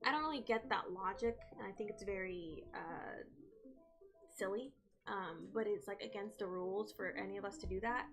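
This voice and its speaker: A young woman streamer chatting casually with her viewers, telling stories in an animated way. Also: mid-range voice, moderate pace, soft background music. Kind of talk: casual chat with live viewers.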